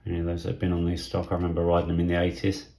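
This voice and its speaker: A middle-aged man from England giving casual hobby unboxing commentary, thinking aloud in a soft, half-whispered way with plenty of fillers. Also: deep voice, monotone, racing, creaky. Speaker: model railway vlogger.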